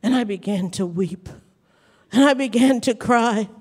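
A woman's voice: on the high side, a little slow, a little mellow. A woman preaching a fervent sermon testimony, telling the story and breaking into repeated hallelujahs in a church hall. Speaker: preacher and Bible college teacher. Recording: long reverb of a large hall.

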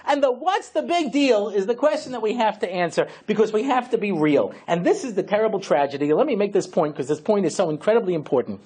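A man's voice: high voice, expressive, fast talker, few pauses, dark tone, slightly rough. A middle-aged man, a rabbi giving a chatty lecture full of asides and "you know".

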